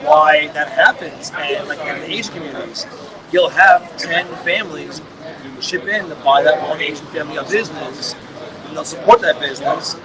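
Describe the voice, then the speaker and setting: Brooklyn guy cohosting a podcast, high voice, tells stories and swears, crowd noise around. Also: normal speed, rough recording. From Brooklyn, New York. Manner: storytelling, profane, blunt. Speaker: podcast co-host. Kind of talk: casual chat.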